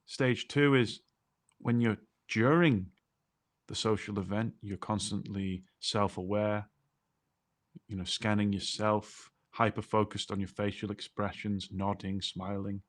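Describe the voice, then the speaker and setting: Low-voiced podcast host explaining. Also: male voice, steady tone, unhurried. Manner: talkative, explains in lists.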